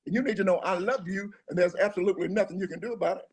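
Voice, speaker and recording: A man's voice: high voice, racing, breathy edge. An older man, a comedian guest, joking and bantering in a casual radio interview. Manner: joking, warm banter, exaggerated.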